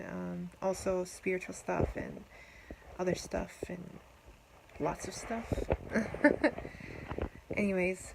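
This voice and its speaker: A woman talking casually to her viewers in a rambling, gentle, affectionate diary vlog. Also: medium pitch, vocal fry, slight background noise, rough recording. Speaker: vlogger.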